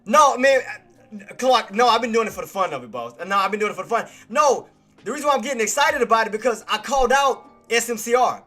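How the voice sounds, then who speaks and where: A male streamer giving live trading commentary, excitable, repetitive and quick to apologize. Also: sits high, soft background music.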